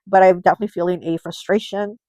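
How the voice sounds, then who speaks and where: A woman reading tarot for her viewers in a loose, chatty way. She talks at a middle pitch, full of fillers and restarts. The sound is dry and close, with no room around it. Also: fairly even intonation, quick pace, mellow, dry recording, rough recording. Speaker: tarot reader. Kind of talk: casual tarot reading to camera.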